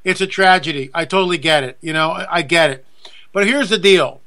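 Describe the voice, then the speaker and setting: A male talk show host rants through an indignant monologue. His voice is high and bright, with a forceful edge. He repeats himself to press every point. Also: brisk, creaky. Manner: indignant, repetitive, emphatic.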